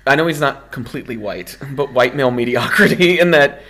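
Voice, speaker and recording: A man's voice: mid-range voice, animated, brisk, fairly bright tone. A man co-hosting a film podcast, chatting casually and explaining film history at length. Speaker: podcast co-host.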